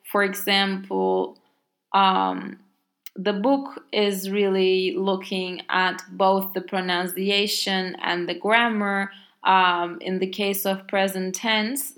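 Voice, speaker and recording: This language teacher, a native Turkish speaker with a Turkish accent, has a medium-pitched, slightly bright voice. In her casual lesson she walks through grammar, leaning on fillers and overemphasized example words.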